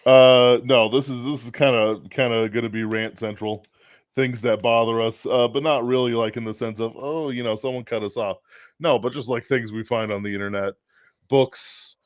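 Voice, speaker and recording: A man co-hosting a podcast, teasing his partner in casual, deadpan chat. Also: mid-range voice, moderate pace, dry recording, highs cut off. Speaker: podcast co-host.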